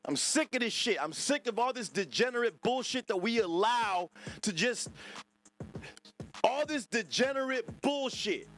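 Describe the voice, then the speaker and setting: Ranting furiously at his chat, this livestream podcast host speaks in an extremely high-pitched, fairly bright voice. He drawls in a sing-song way and swears freely.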